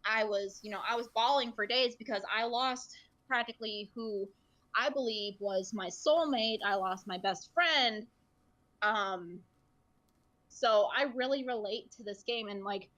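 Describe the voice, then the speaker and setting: A woman's voice: medium pitch, pushed and bright. A woman chatting on a gaming podcast, earnest and emotional, rambling with plenty of fillers. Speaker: podcast guest, streamer. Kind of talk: casual podcast chat.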